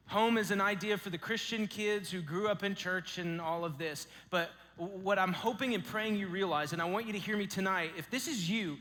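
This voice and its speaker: A man in his thirties telling a story as a youth camp speaker, animated and storytelling with dramatic pauses. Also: high voice. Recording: echoey hall.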